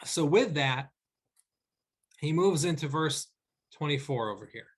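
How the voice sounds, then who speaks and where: Higher-voiced rabbi teaching over a video call. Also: male voice, lively intonation, breathy edge. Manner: explanatory, repeats "okay?" and "right?" to check in; reads verses slowly in Hebrew, then translates. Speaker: rabbi teaching a weekly class. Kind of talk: online class teaching.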